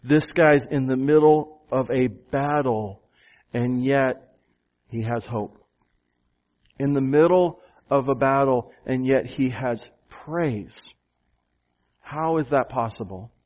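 A man's voice: mid-range voice, slow, a little mellow. A man preaching a sermon as pastor, asking the congregation rhetorical questions and repeating phrases for emphasis. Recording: dull, lo-fi sound.

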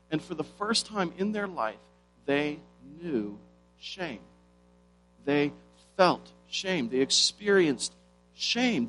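Male preacher, slightly high pitch, emphatic and questioning delivery, faint guitar underneath. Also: fairly bright tone, poor audio. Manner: emphatic, rhetorical questions, slows for stress. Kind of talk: sermon.

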